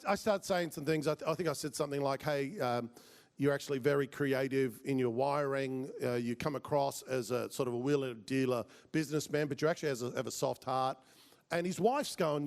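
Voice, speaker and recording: A man with a fairly high voice gives a story-driven talk to a business group. He speaks loosely, with many fillers and restarts, and jumps sharply upward whenever he acts out what someone said. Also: creaky. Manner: animated, acts out quoted voices with big pitch jumps.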